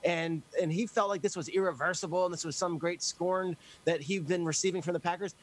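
A man's voice: sits high, steady tone, fairly quick, slight background noise, rough recording. A man on a sports talk panel, arguing emphatically and pushing back on the others. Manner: emphatic, pushes back with repeated starts.

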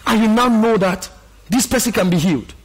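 A pastor preaching, passionate and often shouting out exclamations between scripture quotes. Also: male voice, high-pitched, a little fast. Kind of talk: sermon.

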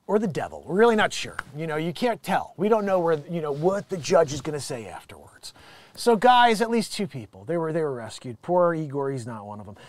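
Male comedy news host, high, lively voice, rambling jokey riffs. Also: fairly quick, no echo. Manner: rambling, jokey, jumps between loud and muttered asides. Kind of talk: riffing comedy commentary on news.

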